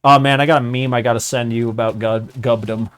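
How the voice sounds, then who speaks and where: A man chats with a friend on a casual gaming stream, rambling, swearing and laughing often between sentences. He talks a little fast in a clean tone, animated and jumping up and down in pitch.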